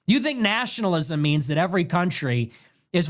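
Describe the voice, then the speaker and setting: A man hosting a livestream, delivering an emphatic, declamatory political monologue that builds to shouts. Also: high voice, big pitch swings, normal speed. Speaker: livestream host.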